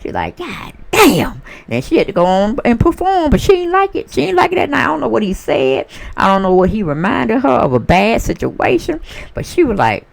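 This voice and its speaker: A woman giving a casual celebrity gossip monologue, sassy and animated, acting out what other people might have said. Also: a little high, brisk, gravelly, a little hiss or hum. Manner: sassy, animated storyteller who acts out other people's voices.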